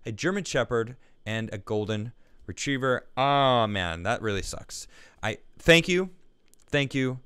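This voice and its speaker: A man's voice: mid-range voice, lively intonation, a little slow, fairly bright tone, clear, resonant tone, no echo, clean studio sound. A man hosting a live stream, chatting casually and reading viewer messages aloud, laughing easily and restarting his sentences. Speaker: livestream show host.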